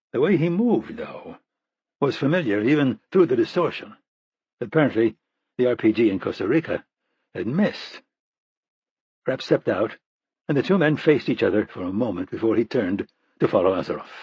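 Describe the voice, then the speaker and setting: A man narrates a thriller in a husky, breathy voice with a steady, even delivery. The recording is dry and close, with a dull, muffled tone. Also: lowish voice, no room sound. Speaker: audiobook narrator.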